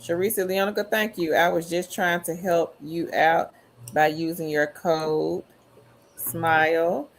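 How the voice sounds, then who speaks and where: A woman hosts a live stream and reads her viewers' chat comments out loud one after another. She keeps it upbeat and friendly, cheering people on and calling them queen. Her voice sits a little low for a woman. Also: steady tone, measured pace, creaky, slight background noise. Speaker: livestream host.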